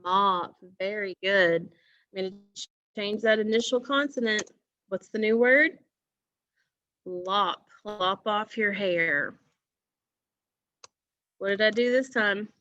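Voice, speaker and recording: A woman teacher walks young children through a phonics lesson at a very unhurried pace, drawing out each word so they can hear the sounds. The recording is dull and lo-fi, with a dry, close sound and no room echo. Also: mid-range voice, sharp tone. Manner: slow, deliberate, encouraging, stretches words for emphasis.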